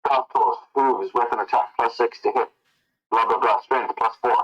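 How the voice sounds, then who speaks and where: A man's voice: mid-range voice, steady tone, moderate pace, lo-fi sound. A man acting as game master, narrating scenes and working out the rules aloud. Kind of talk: narrating and ruling a tabletop game.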